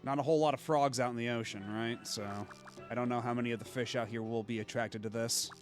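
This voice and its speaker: A man casually commenting while he plays a fishing game on a stream, thinking aloud with quick asides. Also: medium pitch, steady tone, faint music behind.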